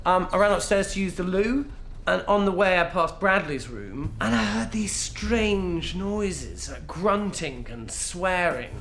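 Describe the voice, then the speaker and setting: A smug hippie sibling lecturing everyone about nature and the universe, tacking little questions onto the ends of lines. A medium-pitched voice with faint noise behind it, from a game. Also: fairly bright tone. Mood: chatty. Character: smug hippie sibling, preachy and self-absorbed. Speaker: sibling at a family party.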